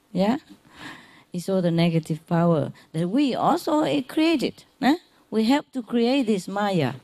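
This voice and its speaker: A woman's voice: fairly low pitch, mellow. A woman teacher giving an informal spiritual lecture in simple, slightly broken English, chatty and laughing often, speaking straight to her listeners. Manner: chatty, laughs often, repeats phrases, talks directly to listeners.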